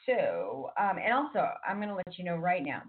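Woman, radio host, rambling casual chat, lots of fillers, lowish voice, tinny phone-like sound. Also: big pitch swings, moderate pace. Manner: chatty, rambling, many fillers and restarts.

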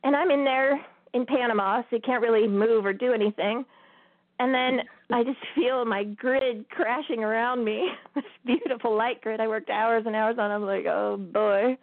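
A woman's voice: fairly high pitch, fairly even intonation, moderate pace, no echo. A woman hosting a spiritual talk show, telling a story in a casual way and laughing often as she talks. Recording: tinny phone-line sound.

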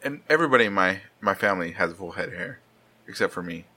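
A man's voice: low voice, fast talker. A man in his thirties hosting a podcast, chatting casually, swearing often and laughing as he tells stories. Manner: swearing, laughing, animated storyteller. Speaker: podcast host. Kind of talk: casual chat.

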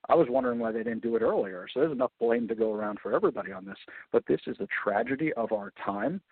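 A man's voice: mid-range voice, expressive, fast talker, creaky, husky, no room sound. A man giving passionate, indignant political commentary as a guest on a talk radio show. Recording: tinny phone-like line.

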